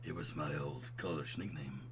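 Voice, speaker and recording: A man voicing a smooth, laid-back young dad and old college buddy in a slow, deep, buttery drawl for a dating game. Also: fairly even intonation, slight background noise. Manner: slow, mellow drawl ending on "bro".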